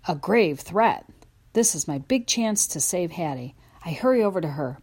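Here a woman reads a children's audiobook in a low-pitched voice at an ordinary speed. Her first-person telling, from the viewpoint of a dog, is lively and full of expression.

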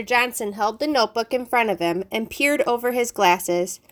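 Woman, adult, storybook reader, clear, expressive, chapter-book read-aloud. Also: a little high, normal speed, few pauses.

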